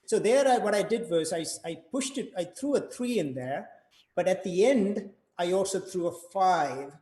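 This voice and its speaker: Guy teaching rhythm online, chanting takadimi patterns, kinda higher voice, echoey room. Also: animated, moderate pace, mellow. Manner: chants rhythm syllables to demonstrate. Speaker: percussion teacher.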